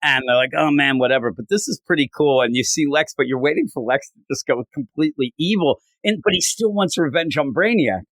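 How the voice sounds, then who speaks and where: A man's voice: brisk, few pauses, no room sound. A man casually recapping a comic on a podcast, acting out the characters' lines as he goes. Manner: animated retelling, acting out quotes with big pitch jumps. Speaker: podcast host. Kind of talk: casual comic book discussion.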